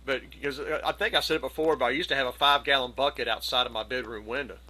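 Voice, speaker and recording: A middle-aged man telling a long, animated anecdote on a video call, slipping into the voices of the people in it. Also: medium pitch, fast talker, low-quality recording. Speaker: community gathering participant. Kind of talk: casual storytelling.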